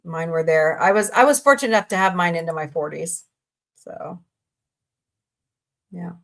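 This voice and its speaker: A woman's voice: lowish voice, expressive, moderate pace, gravelly, fairly bright tone. Middle-aged woman streamer, loose and talkative, chats back to her viewers. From Southwest Missouri, USA. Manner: chatty, rambling, answering chat messages. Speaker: livestream host. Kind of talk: casual livestream chat.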